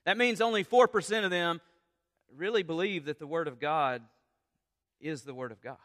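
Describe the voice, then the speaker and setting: A man preaching a sermon with passion, going from quiet talk to loud appeals. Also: on the high side, moderate pace, in a large hall. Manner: impassioned, rises from quiet to loud. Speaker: pastor.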